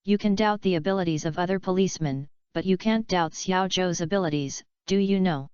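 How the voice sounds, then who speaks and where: A woman voicing a worried middle-aged mother who is quick to change her mind, read in a plain, even manner. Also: on the low side, clean tone, no echo, highs cut off, close to an everyday voice. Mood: reproachful.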